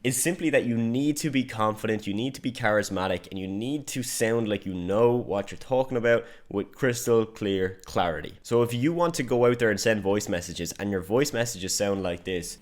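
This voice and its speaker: A man's voice: fairly low pitch, moderate pace, few pauses. A young man giving an online marketing lesson in a direct, emphatic coaching manner.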